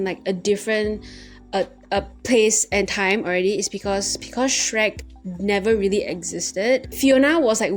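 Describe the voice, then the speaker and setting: A young woman recapping movies from memory in a rambling, animated way full of fillers. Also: mid-range voice. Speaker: vlogger.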